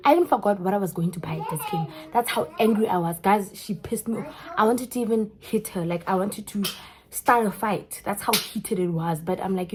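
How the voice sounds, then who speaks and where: A young South African woman with a South African accent, telling a story in an animated way straight to her viewers. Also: medium pitch, brisk, a little hiss or hum. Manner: animated, keeps addressing viewers as guys. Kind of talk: storytime vlog.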